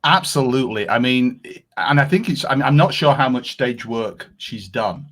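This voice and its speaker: A man's voice: medium pitch, expressive, moderate pace, fairly bright tone. A man appearing as a guest on a podcast, chatting enthusiastically and rambling with frequent restarts. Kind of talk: casual podcast chat.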